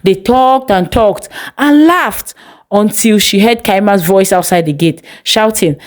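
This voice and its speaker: A woman narrating a scripted story in a measured, gently expressive way. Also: mid-range voice. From Nigeria.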